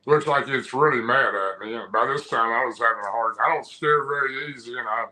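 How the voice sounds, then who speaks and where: Man with a very bright voice, telling a story. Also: medium pitch, fairly quick, poor audio. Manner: rambling, folksy, with frequent restarts. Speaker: guest recounting an encounter. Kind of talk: casual storytelling.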